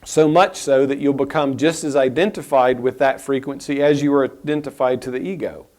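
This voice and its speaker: Male spiritual teacher, mid-range voice, thoughtful and unhurried, halting restarts. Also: medium pitch, steady tone, a little mellow. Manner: reflective, unhurried, with pauses and restarts.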